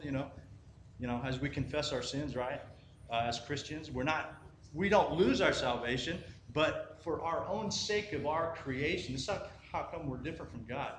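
A man's voice: fairly high pitch, animated, measured pace, fairly bright tone. A man giving an informal sermon, telling a parable in a conversational way and often checking in with "right?". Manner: conversational, repeats "right?", frequent restarts and fillers. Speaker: Christian teacher. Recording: echoey room with faint ambient noise.

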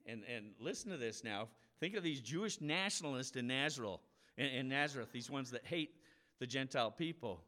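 A man's voice: mid-range voice, animated, brisk, pushed and bright. Man giving a casual Bible teaching. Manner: casual, explanatory, acts out quoted voices. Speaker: preacher.

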